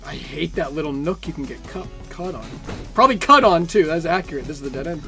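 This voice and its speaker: A young streamer talks to chat mid-game in a mid-pitched voice, with a dry, sarcastic, self-mocking ramble. Faint game music plays underneath. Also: animated, fast, gravelly, a bit bright. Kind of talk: casual live-stream chat while playing.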